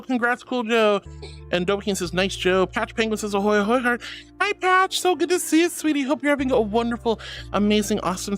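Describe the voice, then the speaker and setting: A woman streamer chats casually with her viewers, reading their messages and thanking them with endless honeys and sweeties. Her pitch swoops up and down, and soft music plays behind her. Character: furry angel VTuber avatar. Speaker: VTuber streamer.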